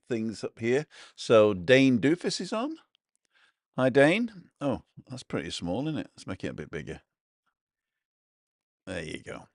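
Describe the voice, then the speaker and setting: A man's voice: on the low side, dry recording, studio quality. A man hosting a casual live stream, rambling about food and reading viewer comments aloud. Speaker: vlog host. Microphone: own microphone.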